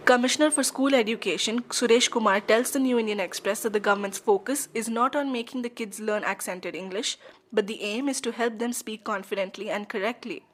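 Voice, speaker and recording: A woman's voice: a little high, brisk. Woman reading news narration. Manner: even, read aloud. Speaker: reporter.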